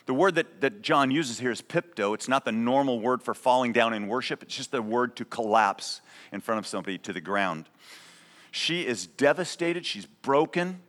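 A man's voice: mid-range voice, a bit bright. A man preaching a sermon as pastor, conversational and emphatic, often checking in with a "right?". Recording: long reverb of a large hall.

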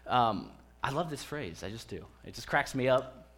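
A man's voice: medium pitch, lively intonation, normal speed, a bit bright. Joking, chatty male pastor preaching. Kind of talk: conversational sermon. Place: church.

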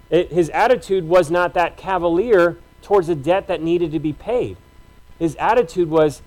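High-voiced man preaching a sermon. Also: normal speed, darkish tone, rough recording. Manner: conversational, emphatic preaching with repeated phrases. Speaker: pastor.

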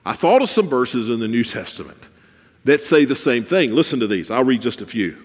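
A man preaching a sermon in a church, swinging between soft, drawn-out lines and emphatic, rising ones. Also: medium pitch, very animated, big-room sound. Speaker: pastor.

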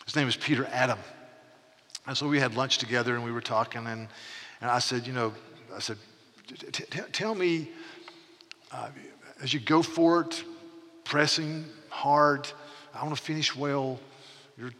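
A man's voice: medium pitch, moderate pace, pauses often, sharp tone. A man in his sixties preaching a sermon as pastor, earnest and emphatic, often repeating words as he restarts a thought. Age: 60s. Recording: long reverb of a large hall.

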